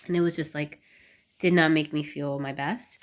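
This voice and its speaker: A woman with a notably low voice speaks to camera in a loose, candid vlog style. She rambles a little and fills her sentences with "like" and "you know". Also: fairly even intonation, normal speed. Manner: candid, rambling, lots of "like" fillers. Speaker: vlogger. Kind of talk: casual talk to camera.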